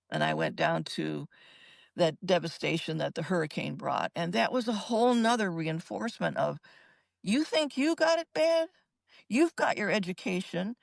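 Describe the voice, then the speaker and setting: A woman's voice: lowish voice, gravelly, dry recording. An older woman, a psychologist, telling her own story in an interview in an emphatic, earnest way. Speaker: guest psychologist.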